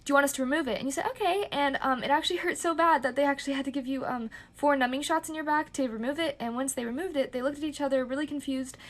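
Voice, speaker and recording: A woman's voice: high voice, steady tone, fast talker, hardly any pauses. A woman telling a casual story with frequent hesitations, acting out the lines of the people she quotes. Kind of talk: casual second-person storytelling.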